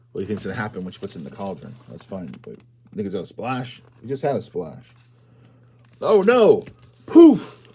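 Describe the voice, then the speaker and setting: Lively man reading a storybook to kids. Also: on the low side, husky. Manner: animated, asks children questions, sudden loud exclamations. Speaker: librarian reading to children. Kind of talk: children's storytime read-aloud.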